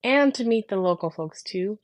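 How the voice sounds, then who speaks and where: A woman's voice: medium pitch, animated, normal speed. A woman hosting a podcast in casual chat, talking enthusiastically in long flowing sentences. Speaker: podcast host.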